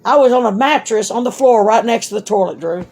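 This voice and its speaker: A middle-aged woman talks to her grown son, spinning long stories in a blunt, animated way. She swears freely and talks to him straight. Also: on the high side, brisk, husky. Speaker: mother talking to her son. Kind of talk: casual storytelling.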